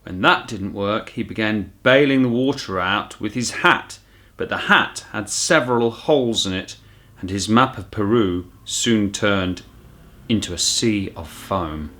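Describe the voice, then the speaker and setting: A man, a primary school teacher, reading a children's storybook aloud with animated storytelling. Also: lowish voice, unhurried.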